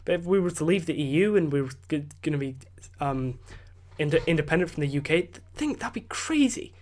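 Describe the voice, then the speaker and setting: Tired, rambling Scottish guy with a higher voice. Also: lively intonation, fairly quick. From Scotland. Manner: rambling, with many fillers and restarts. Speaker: podcast host. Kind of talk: casual solo rant. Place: at home.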